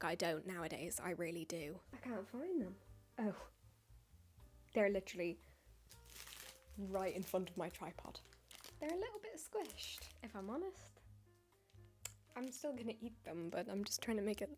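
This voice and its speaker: A woman with an English accent, chatting in a casual vlog as a baker, joking and poking fun at herself. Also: medium pitch. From United Kingdom. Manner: jokey, self-mocking, chatty asides. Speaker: baker and video creator. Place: home, tripod camera.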